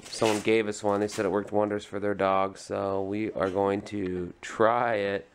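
Slow-talking easygoing man vlogging at home. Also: on the low side, little pitch movement, a little hiss or hum. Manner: easygoing, chuckling, soothing his scared dog. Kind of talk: casual home vlog. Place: home indoors.

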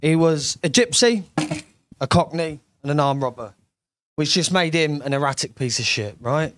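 A man's voice: a little high, expressive, normal speed, a bit bright, a little hiss or hum. A young man doing a brash, sweary stand-up comedy set on a club stage.

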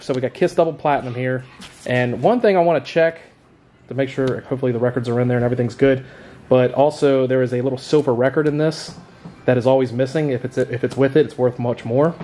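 A man's voice: medium pitch, brisk, slight background noise. Easygoing guy vlogging in his kitchen, laughs a lot, plain everyday voice. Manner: relaxed, laughs often, says "man" a lot. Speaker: record store owner and vlog host. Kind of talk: casual vlog chat. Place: home kitchen, indoors.

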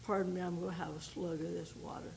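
An older woman, a missionary, giving a folksy personal testimony to a women's group, telling her story with pauses and repeated starts. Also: fairly low pitch, flat delivery, vocal fry, a little mellow, a little hiss or hum, rough recording. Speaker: missionary speaker.

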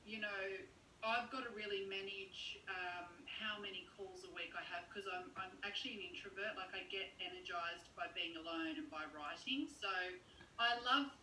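A woman's voice: medium pitch, normal speed, sharp tone, a little hiss or hum. A woman, a copywriter guest, talking expressively in a casual interview. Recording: echoey, distant from the mic.

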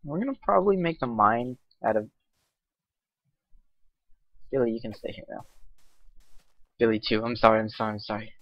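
A man's voice: medium pitch, moderate pace, long pauses. A man casually commenting on his own gameplay, rambling and mocking himself as he goes. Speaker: let's play host. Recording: dull lo-fi mic with faint hiss.

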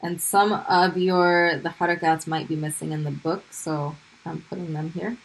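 Slow, patient woman teaching Arabic sounds. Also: fairly low pitch, steady tone, creaky, rough recording. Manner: patient, repeats sounds slowly for drilling. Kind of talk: recorded video lesson.

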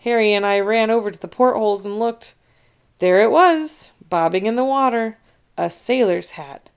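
A woman reading a children's chapter book aloud in an expressive, animated way. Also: mid-range voice, normal speed, clear, resonant tone. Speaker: storybook reader. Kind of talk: children's read-aloud narration.

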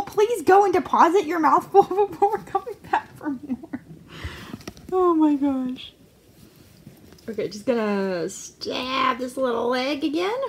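A high-voiced woman hosts a casual vlog about her pet rats at home, with a little hiss or hum in the audio. She chats playfully, laughs a lot, and scolds the rats fondly.

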